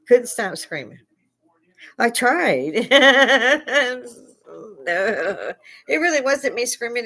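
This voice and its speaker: A middle-aged woman telling a story live at a bar, blunt and profane, laughing often. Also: on the low side.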